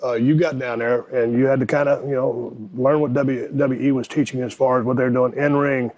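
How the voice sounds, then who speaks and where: A man's voice: medium pitch, fairly even intonation, a little fast, a little mellow. A man hosting a podcast, asking blunt, salty, pushy questions. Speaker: podcast host. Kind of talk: interview questions.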